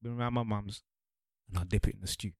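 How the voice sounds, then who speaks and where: A man's voice: fairly low pitch, fairly even intonation, quick pace, vocal fry, no echo, studio quality. A young man, rambling and repeating words as he explains things in casual podcast banter.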